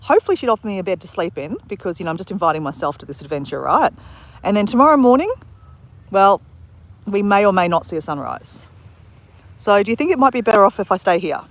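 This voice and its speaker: An Australian woman vlogging live outdoors at a beach at dawn, chatting in a rambling, fast-talking way with lots of restarts. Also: medium pitch, big pitch swings. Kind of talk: live-stream chat on a beach walk.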